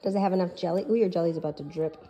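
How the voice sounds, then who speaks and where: A woman chats her way through a kitchen vlog, gushing over her food. Her talk is loose and excitable, with plenty of fillers and restarts. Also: on the low side, racing, a crowd in the background. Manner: chatty and gushing, with many fillers. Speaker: home cooking vlogger.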